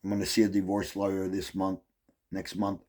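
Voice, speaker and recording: A man's voice: low-pitched, monotone, brisk, warm tone. A middle-aged man telling a casual rambling story, full of "like" and "um" and swearing. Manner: rambling, heavy use of "like" and "um", profane. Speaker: vlogger.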